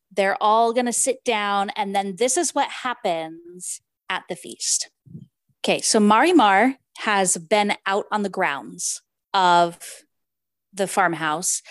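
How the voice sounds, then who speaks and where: With a mid-range voice and no room sound, the woman co-hosting the book podcast chats casually, summarizing the novel's plot and reading sections aloud. She apologizes for her Spanish pronunciation.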